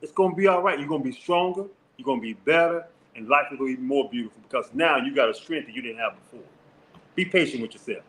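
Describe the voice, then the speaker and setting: A man's voice: mid-range voice, quick pace, fairly bright tone. A man giving reflective, encouraging advice on a talk show, often checking in with "right?".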